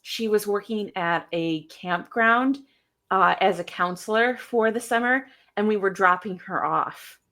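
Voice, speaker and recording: Woman, 30s, from michigan, podcast co-host, slow deliberate storytelling. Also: mid-range voice, fairly bright tone. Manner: unhurried storyteller, reads old notes aloud. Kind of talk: casual chat.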